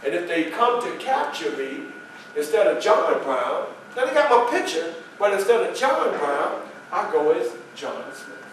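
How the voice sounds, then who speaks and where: John Brown, a resolute old abolitionist, as a male reenactor puts him on, speaks in a hushed and grave manner, slower and lower than the storyteller around him. The sound is echoey and comes from far off. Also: very animated, a little hiss or hum. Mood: quiet resolve.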